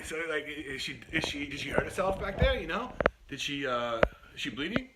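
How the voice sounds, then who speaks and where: Chatty man with a bright, sharp voice. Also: medium pitch, lively intonation, brisk, slight background noise. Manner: chatty, full of "like" and "you know". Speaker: rideshare driver. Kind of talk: casual storytelling.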